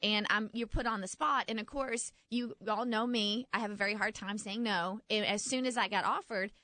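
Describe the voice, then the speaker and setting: A young woman co-hosting a radio show, telling a story in an animated, excited way. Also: mid-range voice, moderate pace, no echo. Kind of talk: casual morning radio chat, storytelling.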